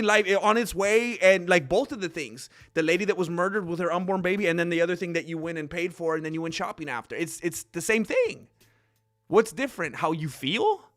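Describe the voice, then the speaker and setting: Bright-voiced, lively male streamer. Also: high voice. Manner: rambling, talkative, addresses viewers as bro; excitable, loud bursts when reacting. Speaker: live stream host. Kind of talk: casual live-stream commentary and chat.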